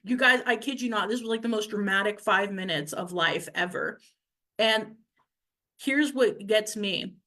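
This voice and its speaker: A councilwoman recapping events to her viewers, animated, acting out the people she quotes. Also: mid-range voice, measured pace. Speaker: city councilwoman.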